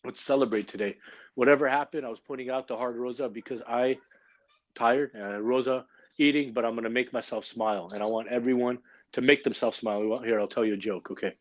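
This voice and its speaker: A man hosts a religious gathering on a livestream. His talk is quick, upbeat and informal, with jokes. The recording is dry and a bit dull. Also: mid-range voice, steady tone, no echo. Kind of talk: casual livestream announcing. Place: online livestream.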